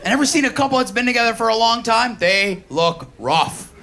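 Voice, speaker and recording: Onstage at a live show, a Queens-born New Yorker delivers a profane, brash stand-up set, acting out the voices of the people he quotes while the crowd laughs. His voice is very high, animated, a little fast, and bright, with vocal fry and a forceful tone.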